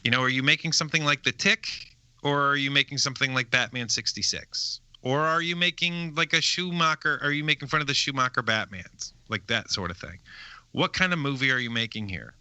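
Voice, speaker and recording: Very bright-voiced man talking movies. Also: medium pitch, a little fast, clear, resonant tone, dry recording. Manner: rambling, restarts, lively emphasis. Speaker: podcast co-host. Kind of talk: casual movie review chat.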